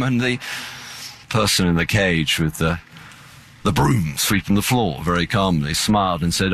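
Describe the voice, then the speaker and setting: A man preaching a sermon in an earnest, measured way. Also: low-pitched, gravelly, fairly bright tone.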